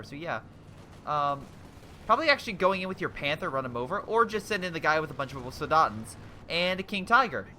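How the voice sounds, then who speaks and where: A young man giving casual commentary over a strategy game replay, excitable and rambling, breaking off into exclamations. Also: fairly high pitch, a little hiss or hum.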